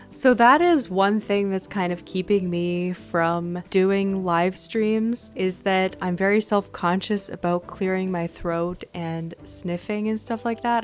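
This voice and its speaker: Slow, gushing woman with soft music. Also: mid-range voice. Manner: gushing, excitable, frequent exclamations; clears throat and sniffs often. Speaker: gaming video host. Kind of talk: casual gameplay commentary.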